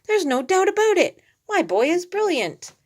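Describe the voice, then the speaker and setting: A woman's voice: sits high, animated, moderate pace, pitched above the performer's own voice. A woman voicing a proud, fussy cartoon father dog who exclaims theatrically, read from a storybook. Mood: dramatic.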